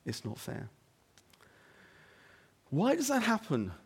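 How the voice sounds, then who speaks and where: A man preaching a sermon as the pastor of his church, talking conversationally with rhetorical questions and "okay?" asides, dropping to hushed lines and rising to loud emphatic ones. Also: huge pitch swings, slow, husky. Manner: swings between hushed low moments and loud emphatic stretches. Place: church building.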